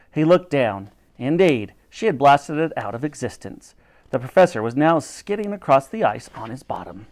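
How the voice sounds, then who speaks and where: Male storyteller, animated, lively pitch, dramatic reading. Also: moderate pace. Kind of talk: reading a children's book aloud.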